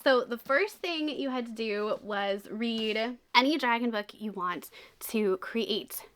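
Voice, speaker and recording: A young woman gives a casual book review, lively and laughing often. Her voice sits a little high and has a bright, forward edge. She talks as if to friends. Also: slow pace. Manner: chatty and animated, laughing often.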